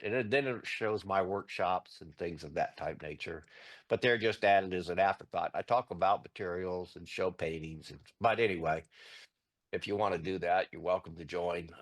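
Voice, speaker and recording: A middle-aged man, a guest artist, telling stories in a casual interview, animated and rambling with many restarts. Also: deep voice.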